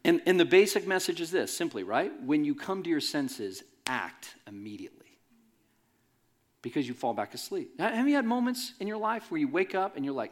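Male pastor, conversational sermon delivery, big pitch swings, jokes with the congregation. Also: very animated, moderate pace. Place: church in front of a congregation.

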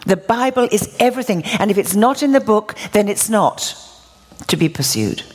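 An older woman tells a church story in her sermon, and her voice swoops high and low as she acts out each exchange. She laughs easily and keeps the storytelling lively. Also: normal speed. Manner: animated, laughing storyteller acting out dialogue. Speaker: preacher.

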